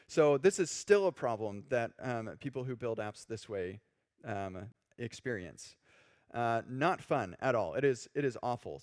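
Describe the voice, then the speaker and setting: A man giving a casual live-coding talk on a conference stage, animated and chatty, acting out quoted reactions. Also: medium pitch. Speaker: conference speaker.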